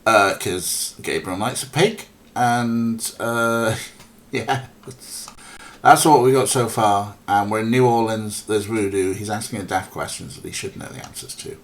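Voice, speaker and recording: A man's voice: on the low side, a little slow. Rambling man streaming a game. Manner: rambling, mocking, swears, frequent ums. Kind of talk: casual let's play commentary.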